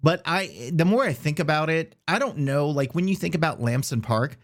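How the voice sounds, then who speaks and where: A man co-hosting a sports podcast in a relaxed, joking way, full of slang and strong opinions. His voice sits slightly high for a man. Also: normal speed. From south Louisiana. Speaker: podcast co-host. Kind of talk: casual sports podcast chat.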